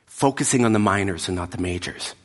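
A man preaching a sermon, emphatic, dropping often into hushed, whispered asides. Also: low voice, a little fast. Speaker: pastor. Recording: long hall reverb.

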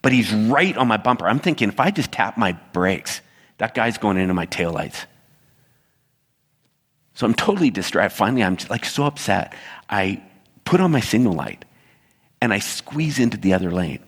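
Male pastor, low-pitched, storytelling sermon voice with animated asides, reverberant church hall. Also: moderate pace, long pauses, slightly rough.

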